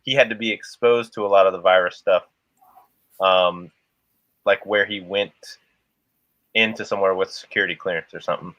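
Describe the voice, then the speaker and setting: Low-voiced guy rambling on a livestream, dull lo-fi dry sound. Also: steady tone, normal speed, pauses often, a bit bright, no room sound. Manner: rambling, laughs often, restarts a lot. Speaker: livestream co-host. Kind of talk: casual livestream chat.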